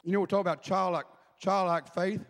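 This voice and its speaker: A man's voice: sits high, fairly even intonation, quick pace. A man preaching a sermon, chatty, asking the congregation questions as he goes. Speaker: pastor. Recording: long hall reverb.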